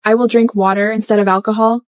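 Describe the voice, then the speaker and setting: A woman's voice: mid-range voice, level tone, quick pace, dry recording, natural voice. An actress voicing a poised young woman who has just become a company chairwoman, speaking in a composed, firm way. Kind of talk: dubbed drama dialogue.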